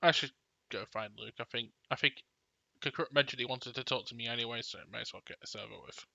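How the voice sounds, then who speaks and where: A man's voice: medium pitch, steady tone, fast, gravelly, bright, forceful tone, no echo, muffled recording. A man voicing a weary young woman Jedi troubled by visions, talking hesitantly in a tabletop role-play. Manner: hesitant, restarts sentences.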